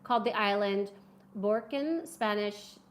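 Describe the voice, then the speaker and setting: A woman's voice: mid-range voice, measured pace. A woman hosting a casual live-stream food review at home, chatty and enthusiastic as she reads viewer comments aloud. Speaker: food vlogger.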